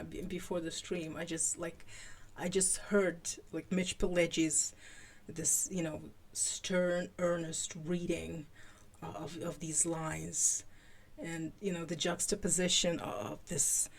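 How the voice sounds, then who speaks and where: A woman with a lowish voice hosts a podcast and reads fan fiction live. Her reading is animated, though she becomes halting in her asides.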